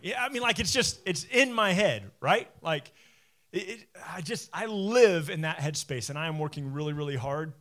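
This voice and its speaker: A young man preaching a sermon in a church, reading scripture and then speaking candidly and self-deprecatingly, animated when he quotes. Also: fairly high pitch, normal speed. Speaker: pastor.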